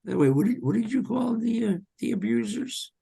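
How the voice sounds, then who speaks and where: A man speaking slowly and haltingly as a podcast guest, with many pauses and fillers, telling his story candidly. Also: very high voice, expressive, vocal fry, mellow, slightly rough. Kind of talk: candid personal interview.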